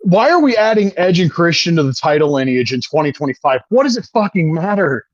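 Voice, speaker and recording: A man's voice: on the high side, sing-song, brisk, no echo, lo-fi sound. A man co-hosting a podcast in casual chat, swearing often and talking with eager enthusiasm. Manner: profane, enthusiastic wrestling fan. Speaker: podcast co-host.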